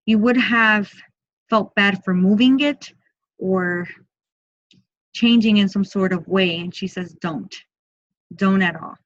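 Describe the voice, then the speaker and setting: A woman working as a medium, giving an online group reading in a soft, slow, repetitive way and often speaking in first person for the spirit. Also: medium pitch, no room sound, dull audio.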